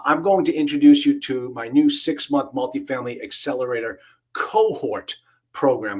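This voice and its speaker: A middle-aged man hosting a live webinar as an investing coach, pitching energetically with frequent fillers and restarts. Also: breathy edge. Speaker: webinar host, real estate investing coach.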